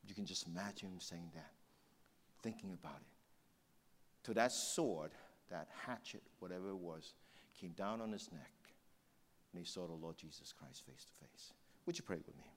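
A man preaching a sermon as a pastor, telling a story and swinging from passionate, emphatic peaks to hushed, intense lows. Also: normal speed, long pauses, slightly rough, big-room sound.

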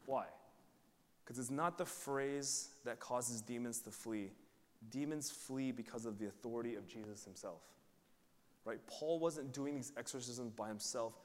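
Guy preaching a sermon, chatty and jokey, keeps saying right?, lots of reverb like a big hall. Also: mid-range voice. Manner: casual, joking, conversational preaching with frequent "right?". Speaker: pastor. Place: church.

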